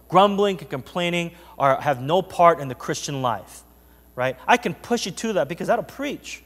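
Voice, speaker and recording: A man's voice: on the high side, expressive, moderate pace, fairly bright tone, long reverb tail. A man preaching an earnest, conversational sermon to his congregation and reading scripture aloud. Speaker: pastor. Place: church sanctuary.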